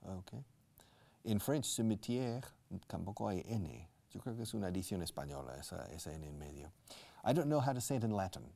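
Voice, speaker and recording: A man's voice: fairly low pitch, animated, fairly quick, vocal fry, mellow. A man teaching English in a live-streamed lesson, explaining words and dropping into Spanish asides.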